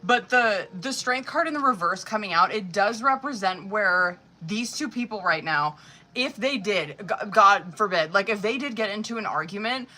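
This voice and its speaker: A woman's voice: medium pitch, lively intonation, normal speed, pushed and bright. A woman giving a live tarot reading in a casual, chatty way, swearing freely and filling her talk with "like" and "you know what I mean.". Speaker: tarot reader.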